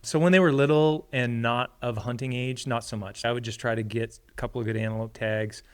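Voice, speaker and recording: A man, a podcast guest, telling a story in a casual, animated way and acting out the quoted lines. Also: a little fast, clear, resonant tone. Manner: animated storyteller, acts out quotes with big pitch jumps.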